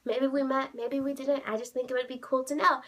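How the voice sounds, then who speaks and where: A young woman vlogging, telling a story with gushing excitement, saying "like" constantly and squealing when she quotes herself. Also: sits high, a little fast. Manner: gushing, heavy use of "like", bursts of squealing quotes.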